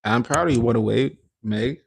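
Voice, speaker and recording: Male podcast host, gravelly, mid-pitched, loose rambling livestream chatter with slang and swearing. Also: normal speed. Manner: rambling, emphatic, frequent restarts; slangy and profane. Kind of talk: casual livestream chat.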